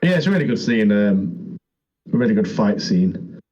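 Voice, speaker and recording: A man's voice: lowish voice, normal speed, muffled recording. A man co-hosting a podcast, talking casually and laughing as he recaps scenes. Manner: relaxed, laughing, quoting scenes. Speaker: podcast co-host. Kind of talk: casual chat.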